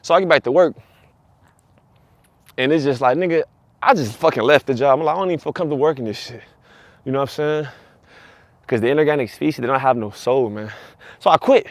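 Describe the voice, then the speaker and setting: Fast-talking, profane man ranting. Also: medium pitch, no room sound. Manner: profane, animated, repeats himself. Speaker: vlogger. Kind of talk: casual storytelling rant.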